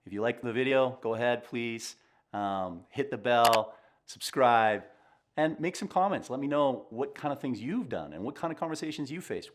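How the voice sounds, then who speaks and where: A middle-aged man, a communication coach, giving earnest, reflective advice straight to camera in a calm way. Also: mid-range voice.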